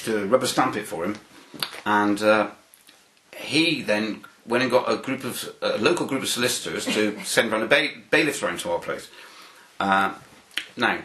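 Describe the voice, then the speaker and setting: A man's voice: mid-range voice, fairly bright tone, reverberant, rough recording. Rambling man telling stories. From United Kingdom. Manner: repeats himself, many restarts and fillers. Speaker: interview guest. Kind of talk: rambling anecdotal storytelling.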